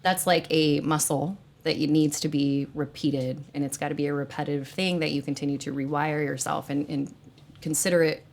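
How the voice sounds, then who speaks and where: A woman's voice: sits low, steady tone, moderate pace. A woman hosting a podcast, talking earnestly in casual spiritual chat, rambling with plenty of fillers. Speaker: podcast host.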